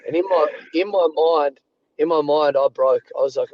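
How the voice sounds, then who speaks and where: A man in his thirties with an Australian accent, a rugby player guest telling animated anecdotes from a parked car over a remote call. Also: on the high side, moderate pace, dull audio. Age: 30s. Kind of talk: casual storytelling.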